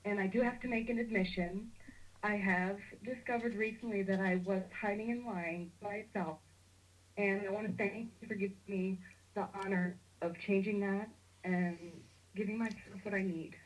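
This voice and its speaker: A woman's voice: medium pitch, fairly even intonation, moderate pace, poor audio. A woman from Missouri calling in to a spiritual radio show, earnest and heartfelt, with nervous laughter. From Missouri, USA. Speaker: caller. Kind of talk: emotional call-in chat.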